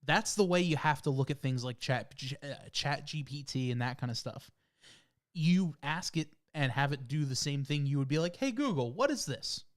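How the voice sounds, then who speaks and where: A man's voice: on the high side, normal speed. A young man co-hosting a podcast in casual chat, easygoing as he explains things plainly. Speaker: podcast co-host.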